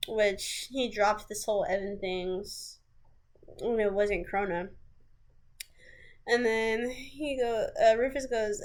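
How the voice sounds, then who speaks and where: A woman's voice: mid-range voice, fairly even intonation, slow, pauses often. A woman vlogger telling a personal story in a casual, candid way, often stopping to restart her sentences. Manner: casual and candid, breaks into laughs and sighs, restarts. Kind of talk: storytime vlog.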